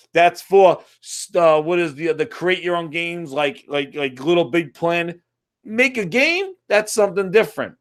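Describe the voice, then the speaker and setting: A man from the United States ranting about a video game, profane, exasperated and sarcastic. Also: fairly high pitch. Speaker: gaming commentator. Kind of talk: ranting monologue.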